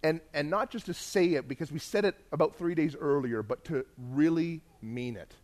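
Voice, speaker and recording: A man preaching a sermon, telling a lively mission-trip story and acting out the other people's voices. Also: a little high, normal speed. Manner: animated, acts out quoted voices, laughs while telling.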